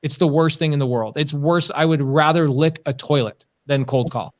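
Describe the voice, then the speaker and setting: A man's voice: on the high side, normal speed. A man co-hosting a live business stream, talking emphatically in rhetorical questions. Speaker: podcast co-host.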